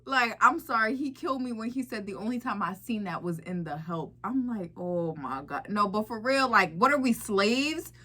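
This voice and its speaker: Woman, high bright voice, slow unhurried talk, incredulous reaction commentary. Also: animated. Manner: incredulous, repetitive, laughing asides.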